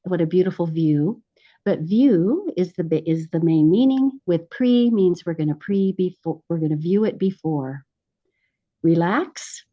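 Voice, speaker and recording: A woman's voice: fairly low pitch, lively intonation, normal speed, lo-fi sound. A woman presenting a teacher-training webinar in an enthusiastic classroom style, often checking in with "right?". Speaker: literacy educator presenting a webinar.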